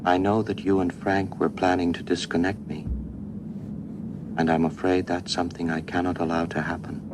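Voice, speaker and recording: HAL, a man voicing a coldly calm computer. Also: low-pitched, natural voice. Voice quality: soft, level, unhurried. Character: calm male shipboard computer, coldly polite. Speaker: film character. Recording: hissy old film soundtrack.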